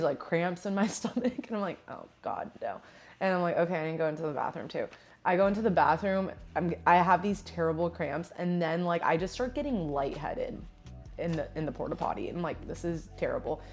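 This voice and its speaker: Young woman vlogger, lowish voice, chatty storytime delivery with frequent laughs, faint music underneath. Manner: chatty, laughs often, heavy use of "like". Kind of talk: casual storytime.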